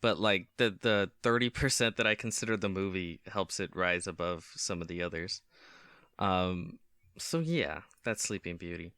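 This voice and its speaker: A man with a lowish, smooth voice talks through his rankings in loose, casual chat. His pitch swings about freely while he hesitates with ums and restarts. The sound is close and dry. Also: lively intonation, moderate pace, pushed and bright, dry recording. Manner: hesitant, many ums and restarts, laughing often. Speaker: podcast co-host.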